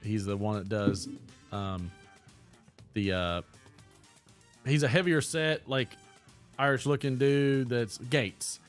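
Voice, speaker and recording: A man's voice: medium pitch, slow, long pauses, faint music behind. A man co-hosting a live stream, chatting casually and joking as he reads the comments. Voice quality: lively, joking, with sudden put-on voices. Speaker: podcast co-host.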